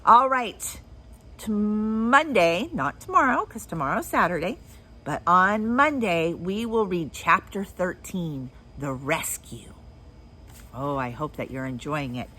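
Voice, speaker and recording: A woman teacher reading a children's storybook aloud with expressive, animated storytelling. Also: on the low side, a little slow, slightly rough, poor audio.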